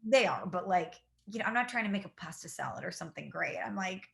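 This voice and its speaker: A woman's voice: lowish voice, fast, vocal fry. A young woman from the Midwest, co-hosting a podcast and telling stories in a casual chat, acting out what people said. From St. Louis, Midwest US. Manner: animated storytelling with acted-out quotes. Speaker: podcast co-host.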